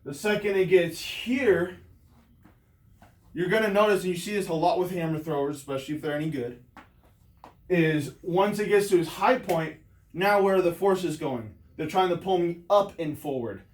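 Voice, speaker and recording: A man's voice: high voice, normal speed, far from the mic. Breathless man coaching from across a room. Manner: loose and rambling, heavy fillers, demonstrates moves while talking. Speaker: hammer throw coach. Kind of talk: informal technique demonstration. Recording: roomy echo, speaking from away from the mic.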